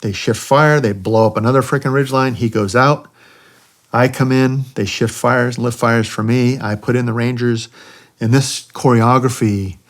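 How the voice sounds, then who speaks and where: A man's voice: medium pitch, steady tone, normal speed. A middle-aged American man, a retired army helicopter pilot, recounting combat missions as a podcast guest in a conversational way, often saying "you know.". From United States. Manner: conversational, acts out quoted voices, frequent "you know". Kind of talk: candid war storytelling. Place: podcast studio.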